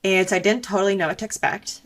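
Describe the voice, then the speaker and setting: A woman's voice: medium pitch, fairly even intonation, fast. A young woman, a guest in an interview, telling a personal story in a candid, reflective way with frequent fillers.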